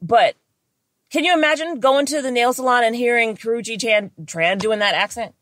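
A woman's voice: fairly high pitch, moderate pace, dry recording, studio quality. Blunt, profane woman podcast co-host. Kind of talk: casual chat.

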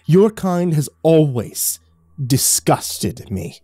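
A man voicing a mocking, unhinged fallen angel in a horror story, speaking softly and theatrically. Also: on the low side, big pitch swings, normal speed. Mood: scornful. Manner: soft, taunting, theatrical.

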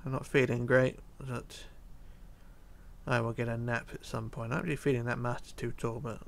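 A tired man narrating a building tutorial, counting quietly under his breath as he works. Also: mid-range voice, moderate pace, gravelly. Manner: relaxed, counting blocks under his breath, drops to near whisper. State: tired, yawning. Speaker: tutorial host. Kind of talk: casual game tutorial narration.

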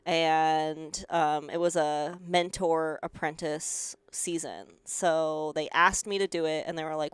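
Young woman, thick rural country twang, smooth low voice, sarcastic and swearing, interview guest, dry close sound. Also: slow, hardly any pauses, dry recording. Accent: rural Colorado country twang. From rural Colorado. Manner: animated, swearing, sarcastic, acts out quoted people. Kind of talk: casual interview storytelling.

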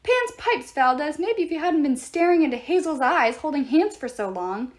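A woman reading aloud and voicing a gruff, hot-headed male satyr coach who shouts blustery orders. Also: high-pitched, very animated, normal speed, pitched above the performer's own voice. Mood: yelling.

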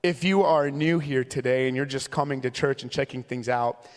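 A man's voice: mid-range voice, normal speed. Man preaching in an echoing church hall. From Minnesota. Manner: humorous, conversational storytelling. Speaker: traveling evangelist. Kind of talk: sermon. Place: large church sanctuary. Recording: long reverb from a large church hall.

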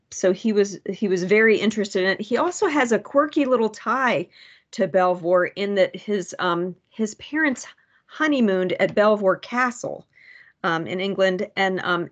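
A woman presenting research at a public commission meeting, halting, with many fillers and restarts. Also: medium pitch.

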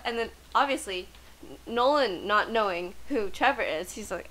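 A woman giving chatty, excitable commentary while playing a life-simulation game. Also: medium pitch, a little fast, poor audio. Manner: chatty, excitable, gasps and laughs often. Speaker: let's play gamer. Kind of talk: casual gameplay commentary.

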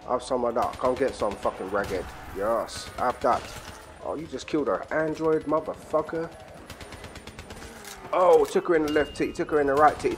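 A man giving crude, profane commentary while playing a game, full of excitable banter and sudden shouts. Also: medium pitch. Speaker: gaming channel host. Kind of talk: profane casual gameplay commentary.

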